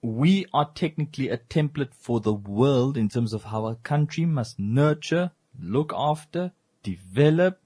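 A man's voice: mid-range voice, animated, measured pace, mellow, husky. A man from Namibia co-hosting a casual radio talk show in a joking, teasing way. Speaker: co-host.

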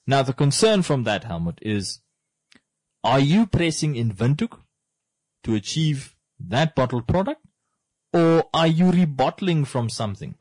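A man talks in a casual studio discussion. His pitch sits mid-range, and he presses points with rhetorical questions. The room sound is dry and close. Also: measured pace, no echo. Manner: animated, rhetorical questions, addresses co-host by name.

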